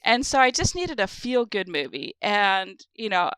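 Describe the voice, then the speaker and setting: Bright, crisp-voiced woman chatting on a podcast. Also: medium pitch, big pitch swings, normal speed, no echo. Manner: rambling, chatty storytelling with many fillers. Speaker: podcast co-host. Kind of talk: casual chat.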